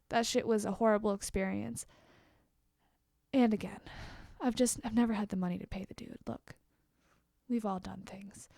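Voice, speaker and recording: Talking to the camera, a young woman vlogger tells a storytime rant, candid and expressive, swearing freely and throwing quick asides to her viewers. Her voice is a little high, and the studio-quality audio has no room sound.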